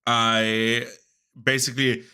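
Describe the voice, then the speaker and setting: A man chatting loosely to his stream audience while he plays, his voice nasal and a bit rough because he is sick. His tone is bright and forward, at a middle pitch for a man. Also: flat delivery, slow pace. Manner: rambling and chatty, talking over gameplay. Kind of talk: casual live-stream chat while gaming.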